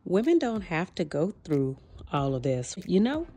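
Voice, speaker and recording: A woman's voice: on the low side, very animated, a little slow, warm tone, soft background music. A woman hosting a casual reaction commentary, speaking directly to her viewers in an informal, warning tone. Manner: direct, addresses viewers as y'all. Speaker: commentary host.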